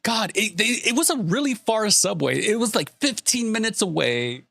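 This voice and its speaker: Bright-voiced man ranting to his chat. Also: high voice, moderate pace, vocal fry, no room sound. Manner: exasperated, swearing, animated retelling. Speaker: streamer. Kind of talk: casual ranting story to chat.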